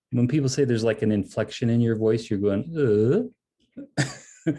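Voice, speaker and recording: A man's voice: medium pitch, dark tone. A man teaching a math lesson online, explaining step by step in a casual way and saying "okay" and "um" often. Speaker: math instructor. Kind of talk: online lecture.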